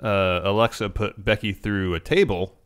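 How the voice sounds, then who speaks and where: A man co-hosting a casual wrestling podcast, steady and matter-of-fact, often chiming in to agree. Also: lowish voice, normal speed, clear, resonant tone. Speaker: podcast co-host. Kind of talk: casual wrestling review chat.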